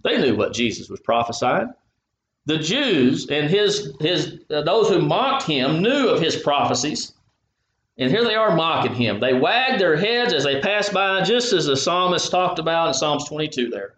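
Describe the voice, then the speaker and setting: A man's voice: fairly high pitch, very animated, moderate pace, fairly bright tone. A man preaching a sermon, reading scripture aloud and explaining it, often stopping to restart. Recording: echoey, slightly dull room sound.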